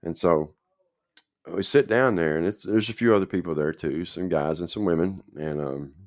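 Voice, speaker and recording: Man with a very deep voice, rambling and informal, who keeps checking in with his listener. Dry, close recording. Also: normal speed, no echo. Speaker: podcast host telling his own story. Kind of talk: casual spoken storytelling.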